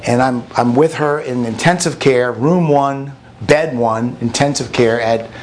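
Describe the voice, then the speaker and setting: A man's voice: medium pitch, slight background noise. A man presenting a relationship workshop to a group in a casual, storytelling way, often repeating words as he restarts a sentence. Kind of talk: conversational teaching to a group.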